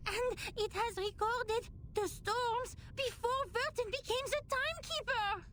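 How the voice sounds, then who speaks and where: A woman's voice: very high voice, measured pace, noisy background. A woman voicing a prim, formal young assistant in a game, speaking in a precise, slightly fussy way.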